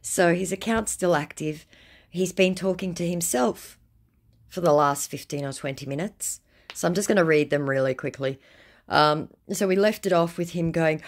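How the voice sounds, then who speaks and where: A woman's voice: sits low, normal speed. A woman giving a casual vlog update in a wry, amused and dismissive tone. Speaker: video creator.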